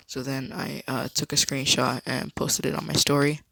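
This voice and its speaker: A man vlogging a casual story time, rambling in a low-key way. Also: little pitch movement, moderate pace, gravelly, hardly any pauses, pushed and bright, poor audio.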